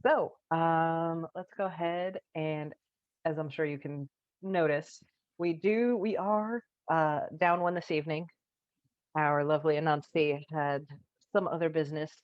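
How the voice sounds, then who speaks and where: Low-voiced lady dm chatting through a game recap, dry muffled stream audio. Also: normal speed, dry recording. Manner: relaxed, chatty, laughs easily. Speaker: dungeon master. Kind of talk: casual game master narration.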